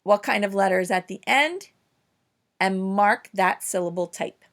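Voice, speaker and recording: A woman teaching a children's phonics lesson, upbeat and encouraging, slowing down to stress each word clearly. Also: medium pitch, a bit bright. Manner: upbeat, encouraging, slow clear emphasis on words.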